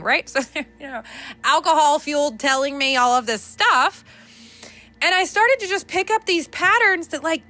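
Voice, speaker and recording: A young woman with a high, bright and forceful voice hosts a podcast. In a casual, candid monologue she swears freely and laughs often between fillers.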